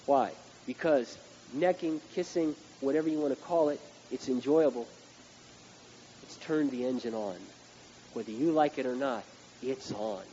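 A male preacher giving a blunt, emphatic sermon that rises to loud outbursts. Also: medium pitch, normal speed. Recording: dull recording with background hiss.

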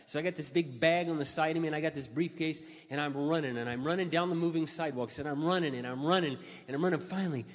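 A middle-aged Christian man telling an animated, self-mocking personal story and acting out the dialogue. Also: on the high side, fast, hardly any pauses. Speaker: Christian speaker. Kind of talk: storytelling talk. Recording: echoey hall, muffled sound.

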